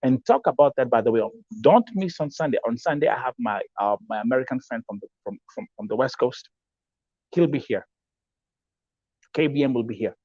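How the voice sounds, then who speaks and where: A man's voice: mid-range voice, expressive, a little fast, darkish tone, no echo, lo-fi sound. A man from Kenya with a Kenyan English accent hosts a live-stream talk show, speaking emphatically, repeating himself, mixing in Swahili phrases and reading out viewer comments.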